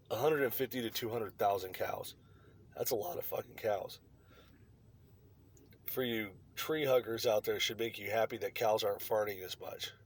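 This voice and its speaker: A man delivering a blunt, profane opinion rant to his online viewers. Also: fairly low pitch. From United States. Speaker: vlogger.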